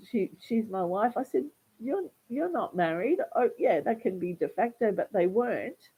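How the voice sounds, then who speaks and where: A woman vlogger talking in a rambling, halting livestream monologue, often repeating words. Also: fairly high pitch, slightly rough, lo-fi sound.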